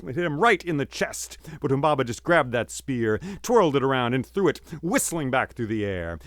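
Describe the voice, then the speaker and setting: A male storyteller telling an ancient myth in a dramatic way, dropping to a hush and rising loud. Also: mid-range voice, no room sound. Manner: dramatic, swings from hushed to loud.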